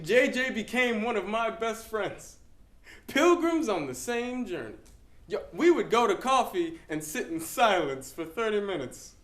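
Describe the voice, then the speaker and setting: A young man performs a middle-aged pastor facing a fatal illness, his voice rising and falling with lively swings, and a slow, deliberate pace. He moves from wry, half-laughing asides to hushed gravity. The sound rings through a roomy hall. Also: sits high, voice pushed up, heavily acted. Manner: shifts from wry humor to quiet gravity, with soft laughs. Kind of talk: dramatic interpretation performance. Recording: echoey hall.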